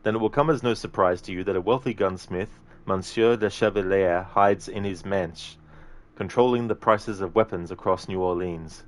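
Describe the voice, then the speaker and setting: A man's voice: deep voice, moderate pace, close to an everyday voice. A man voicing a scheming male quest-giver in a theatrical put-on European accent.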